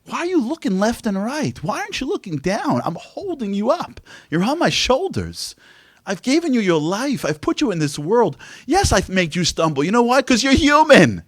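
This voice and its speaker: A man voices God as a loving but exasperated parent, pleading with rising emphasis. His very animated, high-sitting delivery moves at a moderate pace and is pitched above his own natural voice, captured as a dry, clean studio recording.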